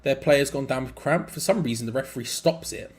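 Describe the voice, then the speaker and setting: This is a young man with a mid-pitched voice, co-hosting a fan channel's live football watch-along. He alternates fast match calls with loose chatter and breaks into sudden excited shouts.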